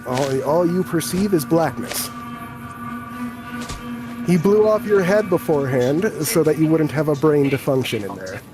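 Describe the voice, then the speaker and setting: A man running a tabletop game on a livestream, narrating in a dry, teasing way. His voice sits a little high, and clear music plays behind him. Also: animated, a little slow, low-quality recording. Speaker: game master.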